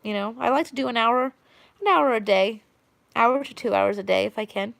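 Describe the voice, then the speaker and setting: A woman with a New York accent from Long Island chats rambling and friendly on a live stream, greeting viewers by name. Her voice sits a little high with a gravelly fry running through it. The sound is dry, with no room echo. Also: normal speed, a bit bright. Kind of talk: casual live-stream chat.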